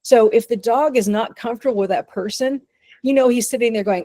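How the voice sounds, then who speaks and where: A woman's voice: on the high side, fairly quick, warm tone, no echo. Woman teaching a casual dog-behavior webinar. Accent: Texan. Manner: conversational, many restarts and acted-out dog thoughts. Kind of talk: webinar presentation.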